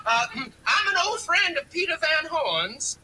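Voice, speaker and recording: A man's voice: extremely high pitch, sing-song, unhurried, far from the mic, voice pushed up, exaggerated voice. An actor playing a man who puts on a hearty, overdone Southern American accent as a fake caller in a 1970s sitcom. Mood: hammy. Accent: American Southern, put on. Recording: noisy broadcast recording.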